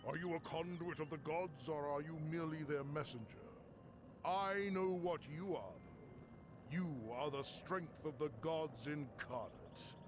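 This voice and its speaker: A man's voice: a little high, background noise, natural voice. A man playing a lofty scholar master. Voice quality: measured, formal. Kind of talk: video game dialogue.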